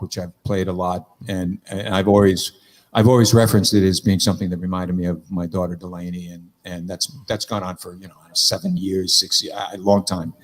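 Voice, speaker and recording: A middle-aged man telling stories in a rambling, casual chat, swearing freely. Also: low voice.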